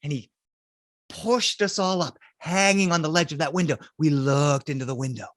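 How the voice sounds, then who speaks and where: A man telling a spooky story for children, animated, swinging between loud cries and hushed lines. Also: a little high, moderate pace, dry recording.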